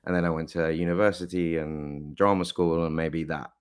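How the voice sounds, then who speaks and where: A man from Mexico talks in a relaxed interview, his mostly English accent carrying American touches. His voice sits low, and he hesitates often, with fillers and restarts. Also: moderate pace, smooth. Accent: mixed, mostly English with American touches. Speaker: guest actor. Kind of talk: casual interview chat.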